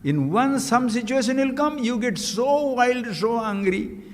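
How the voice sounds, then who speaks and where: A man's voice: very high-pitched, expressive, measured pace, slight background noise. A man giving a spiritual discourse as a teacher, emphatic and full of rhetorical questions. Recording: long hall reverb.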